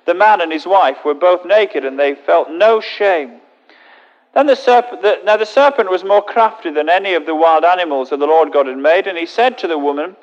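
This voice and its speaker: A man preaching a sermon, reading scripture aloud with relaxed, chatty asides to his listeners. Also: sits high, normal speed, in a large hall, highs cut off.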